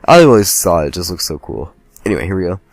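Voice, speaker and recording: A let's play host with a deep, sing-song voice and vocal fry talks fast, with no echo, as he casually comments on the game he's playing. He rambles and jokes at his own expense throughout.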